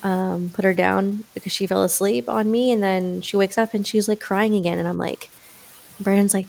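Woman, mother, podcast co-host, casual chat, supportive, gravelly. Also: medium pitch, steady tone, normal speed, a little mellow. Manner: supportive, chatty, shares her own stories.

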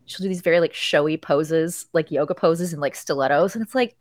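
A woman's voice: sits low, fairly quick, no echo. A woman co-hosting a podcast in casual, gossipy chat, peppering her talk with fillers. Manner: chatty, gossipy, lots of fillers. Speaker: podcast co-host.

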